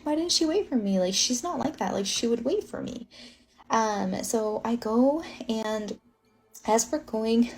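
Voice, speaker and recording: A woman's voice: medium pitch, darkish tone. A young adult woman from Illinois telling a personal ghost story in a casual, rambling way, full of filler words.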